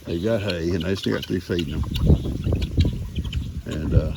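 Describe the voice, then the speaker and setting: Older farmer, gravelly lively voice, chats to camera and coos at animals, noisy outdoor audio. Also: male voice, low voice, normal speed. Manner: chatty, talks sweetly to his animals. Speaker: farm vlogger. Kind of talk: casual farm vlog narration. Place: outdoors on a farm. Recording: noisy outdoor farm recording.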